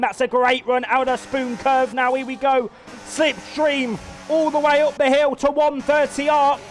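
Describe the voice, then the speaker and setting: High-voiced excitable male race commentator. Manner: excitable, swears freely, rapid-fire calls. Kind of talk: live sim racing play-by-play commentary.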